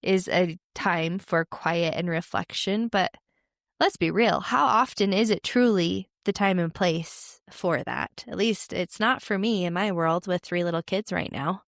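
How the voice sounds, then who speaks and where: Young woman, interview host, reflective and encouraging, low voice with vocal fry. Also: measured pace, dry recording, studio quality. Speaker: podcast host. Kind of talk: casual interview chat.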